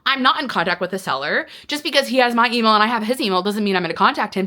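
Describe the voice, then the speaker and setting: Woman vlogger, talking to camera, bright forward tone, exasperated and expressive storyteller. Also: on the high side, fast talker, hardly any pauses. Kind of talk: casual talking-to-camera vlog.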